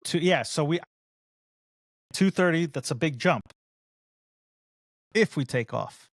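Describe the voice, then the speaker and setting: A man co-hosting a casual podcast tells a long story, animatedly acting out the other people in it. His voice sits on the high side and moves slowly, in a studio-quality recording with no room sound.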